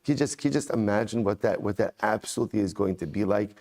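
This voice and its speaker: A man, a rabbi, teaching a daily Talmud class. He chants the original text, then explains it conversationally, with excited emphasis and repeated phrases. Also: lowish voice, fast, vocal fry.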